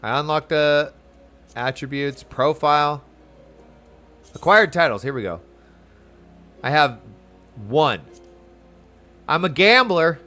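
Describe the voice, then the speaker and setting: Chatty, excitable male game streamer. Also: fairly high pitch, slow pace, long pauses, faint music behind. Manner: chatty and excitable, reads game text aloud. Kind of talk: let's-play commentary.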